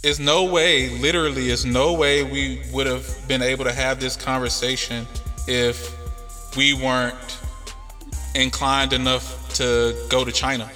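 A man's voice: medium pitch, flat delivery, measured pace, sharp tone, big-room sound, soft background music. Laid-back man telling a long story. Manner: laid-back, rambling with many fillers. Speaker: podcast host. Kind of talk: casual storytelling chat.

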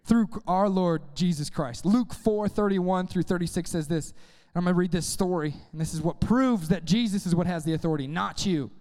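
A man preaching a sermon to young people, energetic and casual, often calling on the crowd to respond. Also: high-pitched, fairly quick, big-room sound. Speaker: youth pastor.

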